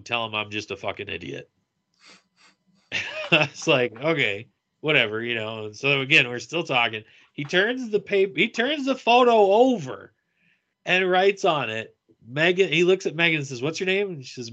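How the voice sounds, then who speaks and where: A man, a podcast co-host and middle school teacher, casually telling a lively convention story and acting out the quotes. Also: medium pitch, lo-fi sound. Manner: animated, acts out quotes with laughter.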